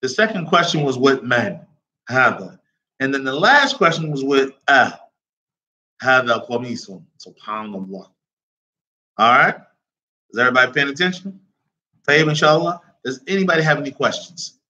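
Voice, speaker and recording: A man's voice: medium pitch, lively intonation, normal speed, pauses often, bright, forceful tone, muffled recording. A man teaching an Arabic lesson who keeps checking on his class with repeated questions, reading phrases aloud and then explaining them in English.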